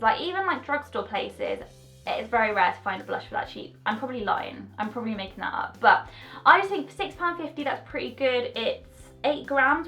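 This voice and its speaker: A young woman with a fairly high voice rambles cheerfully through a casual beauty review. Her delivery is bubbly and easily sidetracked. Faint music plays quietly in the background. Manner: chatty, bubbly, goes off on tangents. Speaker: beauty vlogger. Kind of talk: casual product review chat.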